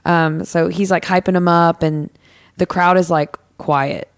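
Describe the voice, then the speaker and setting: A woman's voice: lowish voice, fairly even intonation, a little slow, clear, resonant tone, no room sound, studio quality. A woman co-hosting a podcast, recapping a film scene in casual chat, with lots of ums and quoted lines. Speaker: podcast co-host.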